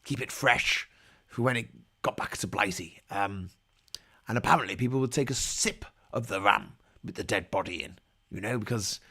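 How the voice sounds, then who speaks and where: A man's voice: lowish voice, moderate pace, sharp tone, husky. A man hosting a live-stream commentary, hamming it up in a jokey pirate persona with growled "yars" and rambling, irreverent asides. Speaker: livestream host.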